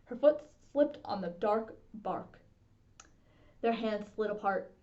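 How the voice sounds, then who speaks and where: A woman librarian reading a children's novel aloud with steady, expressive narration. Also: mid-range voice, takes it slowly. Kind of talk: storybook read-aloud. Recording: dull lo-fi sound.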